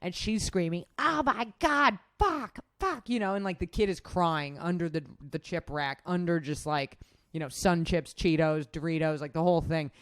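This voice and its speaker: A woman's voice: sits low, steady tone, normal speed, a little mellow, clean tone, no echo. A woman co-hosting a podcast, telling a long story casually in a rambling, profane way full of "like". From Nevada, USA. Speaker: podcast co-host.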